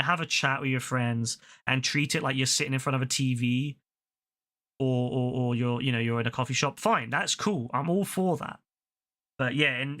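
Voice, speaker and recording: A man, chatting casually while gaming, ranting animatedly with a lot of swearing. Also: mid-range voice. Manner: ranting, profane, animated storytelling. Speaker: gaming video host.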